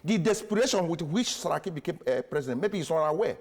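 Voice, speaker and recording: A man's voice: on the high side, expressive, fast, a little mellow. A man from Nigeria, a panelist in a heated studio debate, talking insistently and stumbling over repeated words. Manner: insistent, interrupts and repeats himself.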